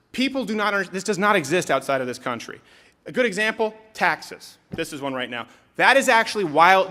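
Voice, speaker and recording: A young adult man from Canada giving a live comedic political speech, animated and sarcastic, with sudden shouted bits. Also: sits high.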